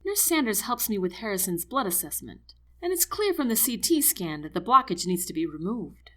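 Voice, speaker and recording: A woman reading a first-person novel aloud, expressive, slipping into whispers for inner thoughts. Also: mid-range voice, normal speed. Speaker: audiobook narrator. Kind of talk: first-person scripted narration.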